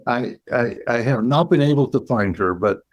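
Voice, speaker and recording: A man, a clinical psychologist, telling a story as a guest in an interview, measured and reflective, pausing and restarting as he thinks. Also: mid-range voice, lively intonation, rough recording.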